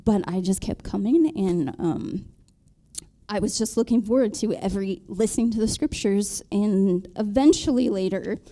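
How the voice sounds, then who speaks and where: A married woman on a panel, telling her conversion story in a halting way, with many ums and restarts. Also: medium pitch, mellow. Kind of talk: personal testimony in a panel talk.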